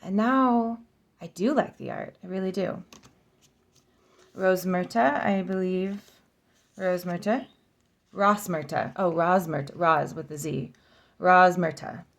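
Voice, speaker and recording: A woman chatting casually in a vlog as she flips through an oracle deck, sounding out names slowly and saying them again and again. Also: fairly low pitch, vocal fry. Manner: chatty, practicing name pronunciations slowly and repeatedly.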